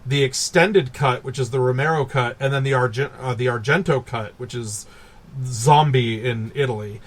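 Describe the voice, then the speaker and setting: A man co-hosting a casual podcast, animated and laughing as he recaps films and acts out characters. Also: mid-range voice, moderate pace. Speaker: podcast co-host. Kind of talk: casual chat.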